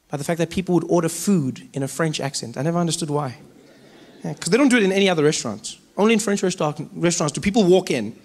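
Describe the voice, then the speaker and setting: A man from Africa, doing emphatic stand-up. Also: sits high. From South Africa. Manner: expressive, emphatic. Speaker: comedian. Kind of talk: stand-up comedy.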